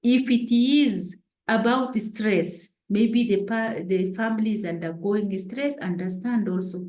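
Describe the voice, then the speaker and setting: Earnest woman, parenting speaker, slow and roomy. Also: medium pitch, a little mellow. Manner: earnest, exhorting. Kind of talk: panel talk.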